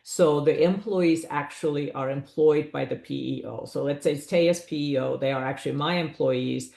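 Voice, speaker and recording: A woman's voice: sits low, moderate pace, gravelly, dark tone, roomy sound. A woman presenting a business valuation webinar, explaining figures in a conversational way with asides to her audience.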